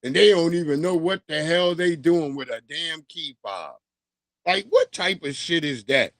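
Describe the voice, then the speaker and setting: A man hosting a livestream, telling stories in a casual, profane, animated and mocking way. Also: fairly high pitch, a little slow, no room sound. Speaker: livestream host. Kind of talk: casual storytelling rant.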